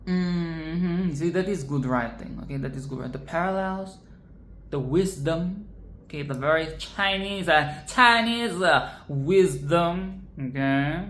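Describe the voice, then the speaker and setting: A woman's voice: low-pitched, a little slow, echoey room, slight background noise. A young woman casually reviewing a film, emphatic and profane, often tagging "okay?".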